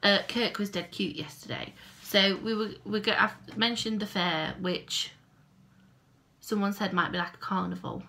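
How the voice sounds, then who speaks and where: Woman, casual home vlog, bright voice, slight vocal fry, rambling and self-deprecating. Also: mid-range voice, moderate pace. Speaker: crochet vlogger. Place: at home by a window.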